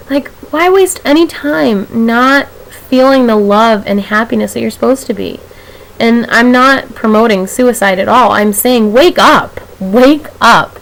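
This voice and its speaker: A woman's voice: high-pitched, rough recording. A young woman talking to camera in a casual vlog, rambling and emotional, laughing often as she talks. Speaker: vlogger.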